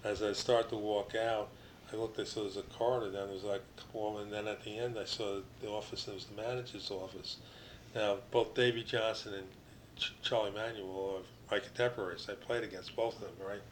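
An older man from New Jersey, a retired baseball pitcher, telling rambling stories as an interview guest, full of restarts and you-knows. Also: little pitch movement, fairly quick, a little hiss or hum, low-quality recording.

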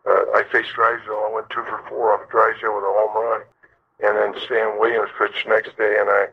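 An older man, a former baseball player, tells stories in an interview, rambling with lots of fillers and restarts. His voice is lowish, creaky, and slightly rough. The recording is dull and lo-fi.

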